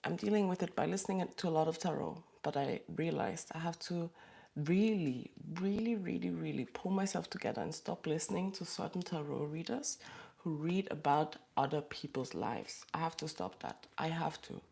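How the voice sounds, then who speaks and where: A woman hosting a live stream from a small closed room, talking softly and haltingly with pauses and sighs. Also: low-pitched, vocal fry. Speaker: livestream host. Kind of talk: emotional live chat.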